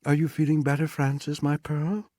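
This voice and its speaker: A man's voice: a little high, flat delivery, moderate pace, mellow, dry recording, studio quality, pitched above the performer's own voice, close to an everyday voice. A man reading a story aloud, voicing a spoiled, sweetly cutting wealthy American wife in a raised voice. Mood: mocking. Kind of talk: audiobook character reading.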